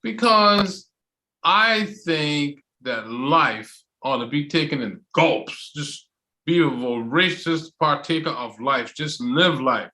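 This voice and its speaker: Loud, bright, enthusiastic male host. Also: a little high, lively intonation, takes it slowly. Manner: loud and enthusiastic, stretches phrases out for emphasis. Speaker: host of an online English chat club. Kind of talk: motivational casual talk. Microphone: video call.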